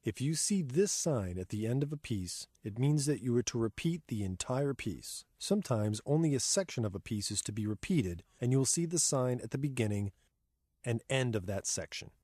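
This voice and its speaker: A man reading a scripted keyboard lesson in a measured, clear way, counting beats and rhythm words aloud in time. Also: mid-range voice, expressive, dark tone, no echo, clean studio sound. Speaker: keyboard instructor. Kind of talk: scripted instructional narration.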